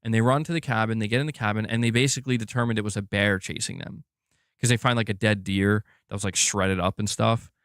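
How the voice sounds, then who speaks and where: A man hosting a gaming channel, reviewing a game in a casual livestream, rambling and excitable, swearing freely. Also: on the low side, fast, no echo, studio quality.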